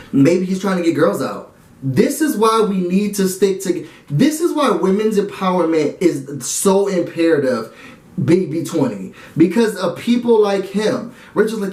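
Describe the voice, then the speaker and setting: Animated high-voiced man recapping a show. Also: reverberant. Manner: animated, dramatic and slangy, talks to viewers directly. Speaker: reality TV YouTube reviewer. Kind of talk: casual episode recap and review.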